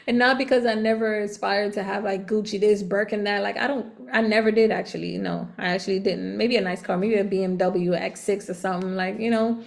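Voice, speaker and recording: A woman giving a casual tarot reading, chatty and animated, laughing often and using relaxed slang. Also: mid-range voice, brisk, vocal fry. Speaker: tarot reader.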